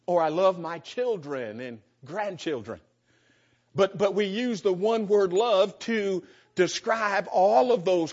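An older man preaching a sermon as pastor, with an emphatic cadence and repeated words, speaking to his congregation. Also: sits high. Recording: dull lo-fi sermon recording.

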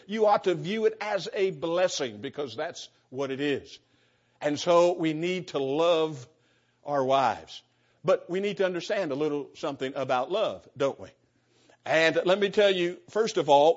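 An older man preaching a sermon as pastor, with an emphatic cadence and repeated words, speaking to his congregation. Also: a little high. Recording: dull lo-fi sermon recording.

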